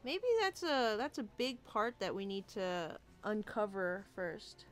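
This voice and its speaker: Slow, musing woman artist. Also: mid-range voice, expressive. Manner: musing, hesitant, with many fillers and restarts. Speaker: artist designing a character. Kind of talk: casual thinking-aloud commentary while drawing.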